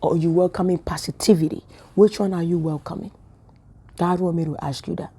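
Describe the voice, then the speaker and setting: A woman's voice: fairly low pitch, fairly even intonation, a little fast, warm tone, slightly rough. A woman giving a casual spiritual talk to camera, telling chatty stories with laughs and whispered asides. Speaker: spiritual vlogger.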